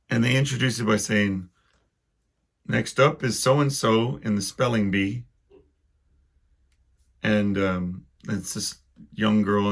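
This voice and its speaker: A man's voice: fairly low pitch, creaky. A man hosting a solo podcast, rambling casually through wry, self-deprecating complaints. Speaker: podcast host.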